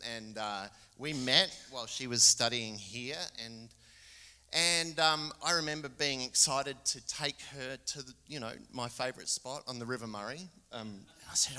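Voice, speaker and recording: A man's voice: medium pitch, a little slow, smooth. Australian man preaching in a reverberant church. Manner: expressive storytelling with acted-out quotes. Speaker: guest preacher. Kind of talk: sermon.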